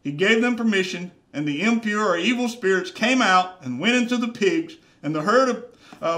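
High-voiced preaching man. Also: pushed and bright. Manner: earnest preaching, repeating phrases for emphasis. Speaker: pastor. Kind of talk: sermon. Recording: roomy church echo.

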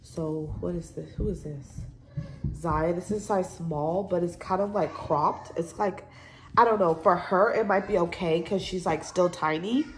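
In an unhurried, lowish voice, a young woman vlogs from home about things she bought, chatty and meandering with frequent fillers. She sounds a little stuffed up, and the home recording is noisy.

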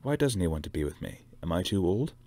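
A man's voice: low-pitched, very animated, quick pace, dark tone, no echo. A man voicing a vain, spoiled woman influencer who is scornful and haughty, in a read-aloud story.

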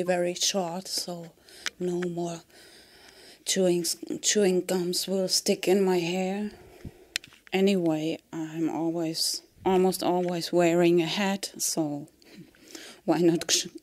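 A woman's voice: lowish voice, dry recording. A woman vlogger in a rambling comic monologue who drifts into whispered asides and chuckles as she jumps between topics.

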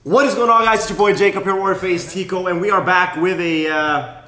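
A young man hosting a group vlog, loud and hyped, laughing and shouting with friends. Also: sits high, steady tone, fairly quick. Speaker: YouTuber host. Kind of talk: excited group vlog banter. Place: salon room with friends. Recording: echoey room with group chatter.

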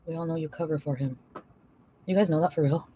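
A woman's voice: deep voice, fairly even intonation, fast talker, mellow, slight background noise. A young woman livestreaming an angry, profane, rambling rant full of fillers.

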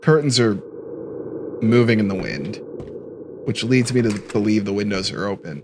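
A young man giving let's-play commentary on a horror game, excitable and swearing, breaking into panicky yelps when scared. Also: lowish voice, normal speed, noisy background. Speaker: gaming YouTuber.

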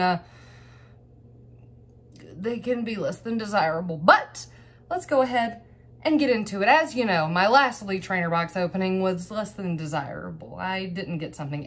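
A woman hosting her own channel, opening trading cards in a bubbly, excitable, rambling way. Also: medium pitch. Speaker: host of a card-opening channel. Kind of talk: casual card-opening vlog.

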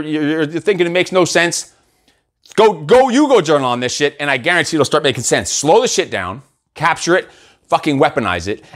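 Intense high-pitched swearing man. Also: fairly bright tone. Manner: intense, swearing, repetitive exhortations. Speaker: host and coach. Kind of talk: profane motivational monologue.

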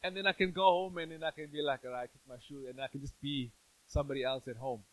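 A man's voice: fairly high pitch, fast, no room sound, poor audio. Playful pastor preaching to his church. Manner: conversational and playful, asks the congregation questions. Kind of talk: sermon.

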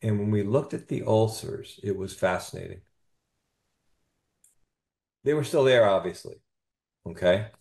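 Low, gravelly-voiced man telling a story. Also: unhurried, pauses often, darkish tone. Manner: enthusiastic, peppers speech with "you know" and "okay?". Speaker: chiropractor guest. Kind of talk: storytelling in a podcast interview.

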